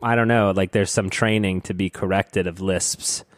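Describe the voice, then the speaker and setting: A man's voice: sits low, fairly even intonation, moderate pace, no echo, studio quality. A man hosting a board game podcast, joking and teasing his co-hosts in a playful, chatty way. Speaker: podcast host. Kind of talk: casual podcast chat.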